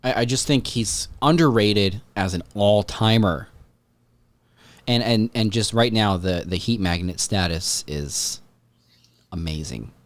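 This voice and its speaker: A man hosting a podcast in casual chat, rambling and excitable, swearing freely. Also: fairly low pitch, unhurried, no echo. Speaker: podcast host.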